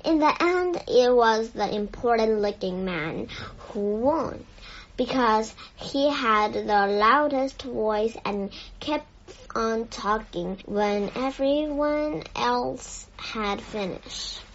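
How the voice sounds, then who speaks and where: A woman narrating a children's storybook in a gentle, measured way. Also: fairly high pitch, lively intonation, a little hiss or hum. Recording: dull lo-fi, faint music behind.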